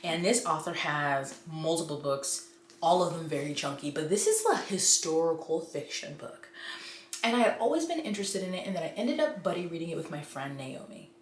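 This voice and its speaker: Gal gushing about books, gets real animated, roomy echo and a bit of hiss. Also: female voice, sits low, fairly quick. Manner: gushing, animated, quotes her own reactions. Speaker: book vlogger. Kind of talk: casual book review chat. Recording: echoey room with faint noise.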